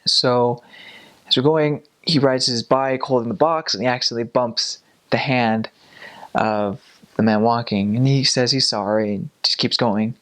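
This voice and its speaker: A young man, a former missionary, telling an animated story in a casual vlog, laughing and acting out voices. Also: medium pitch, moderate pace. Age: young adult.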